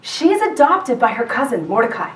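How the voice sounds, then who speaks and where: Sing-song and fairly high in pitch, a woman's voice carries a sermon at a moderate pace. She's a guest pastor in a church sanctuary, preaching conversationally, often restarting sentences and quizzing the congregation. The audio is distant and echoey.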